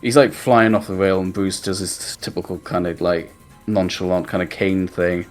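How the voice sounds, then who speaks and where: A low-pitched man talks loosely and at length, rambling through his recap with casual swearing. Soft music sits faintly under his voice. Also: fairly even intonation, moderate pace. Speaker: podcast host. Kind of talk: casual chat.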